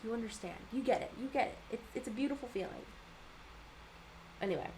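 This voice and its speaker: A woman's voice: on the high side, fast, a little mellow, slight background noise, rough recording. A young woman vlogger reading manga aloud, gushing emotionally, swearing and laughing as she reacts. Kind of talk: casual reading-aloud vlog.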